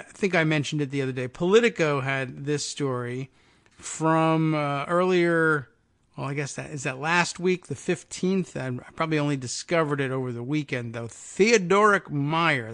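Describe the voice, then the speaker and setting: A man's voice: fairly high pitch, a bit bright. A middle-aged man hosting a political talk radio show, musing in a wry, meandering way with frequent fillers and asides.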